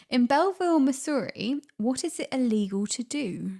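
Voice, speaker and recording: Upbeat, fairly high-voiced woman quizmaster. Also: animated, moderate pace, creaky, darkish tone. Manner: upbeat, laughs often. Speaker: quiz host. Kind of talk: casual podcast chat.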